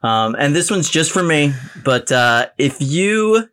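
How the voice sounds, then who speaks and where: A man hosts a casual interview. He puts his questions in a friendly, relaxed way. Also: fairly high pitch, takes it slowly, clean tone. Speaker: host.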